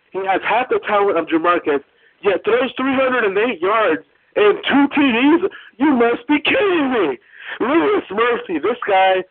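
A man's voice: high-pitched, no room sound. A male caller in a profane, gleeful rant. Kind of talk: recorded fan call-in rant. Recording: tinny phone line.

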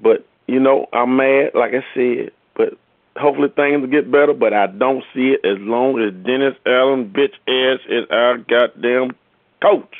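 A man's voice: medium pitch, fairly even intonation, normal speed, dry recording. A man ranting angrily and profanely as a sports fan caller. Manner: angry, profane, rising in heat. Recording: dry tinny phone-like line.

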